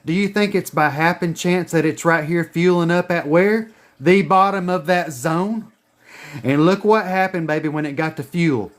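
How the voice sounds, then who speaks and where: Brief: a high-pitched man explaining chart patterns, swearing freely and repeating himself for emphasis. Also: normal speed. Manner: profane, emphatic, repetitive. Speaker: trading educator. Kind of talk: casual screen-share lesson.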